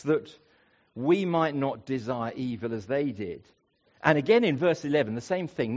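Guy preaching, voice swoops up and down, bit muffled recording. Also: medium pitch. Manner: expressive, rising for emphasis and slowing on key phrases. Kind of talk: sermon. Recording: dull lo-fi recording.

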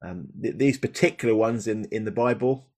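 A man's voice: fairly low pitch, moderate pace, darkish tone. A man pastor reading scripture dramatically, then preaching in a conversational way with fillers and restarts.

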